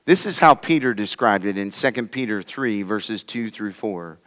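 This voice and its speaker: A man's voice: lively intonation, normal speed, hardly any pauses. Preaching man in a reverberant hall. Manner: expository preaching, reading and explaining scripture verse by verse; dramatic swings in pitch and loudness, voices scoffers mockingly. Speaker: pastor. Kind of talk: sermon.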